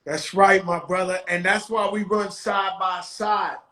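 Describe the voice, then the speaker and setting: A man hosts a relaxed conversation and answers his guest emphatically, backing up what is said. His voice sits very high for a man and has a bright, sharp edge. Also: unhurried. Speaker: host. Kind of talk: casual conversation.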